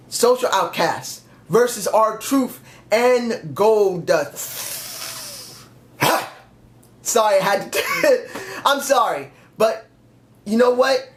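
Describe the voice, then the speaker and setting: A man's voice: high voice, roomy sound. Blunt, opinionated male vlogger. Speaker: wrestling show reviewer. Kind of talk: casual opinion vlog.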